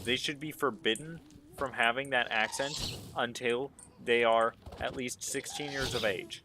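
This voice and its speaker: A gaming streamer chats casually while playing, rambling through jokingly provocative opinions as gameplay commentary. His medium-pitched voice is unhurried with fairly even intonation, and there is background noise.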